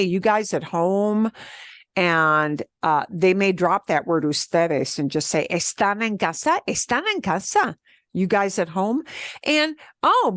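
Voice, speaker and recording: A woman teaching a beginner Spanish class, explaining step by step in an animated way and laughing often. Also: mid-range voice, dry recording, studio quality. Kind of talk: beginner language lesson.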